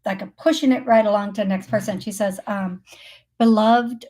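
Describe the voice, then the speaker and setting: A woman's voice: medium pitch, fast, mellow. A woman hosting a call-in show as a psychic medium. She talks in a chatty, rambling way, with lots of fillers and self-corrections, and laughs often. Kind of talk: casual live call-in readings.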